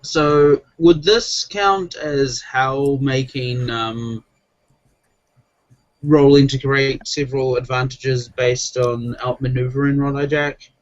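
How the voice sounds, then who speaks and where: A man's voice: mid-range voice, steady tone, takes it slowly, dull audio. A man playing a tabletop game, casual and asking questions. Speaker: player.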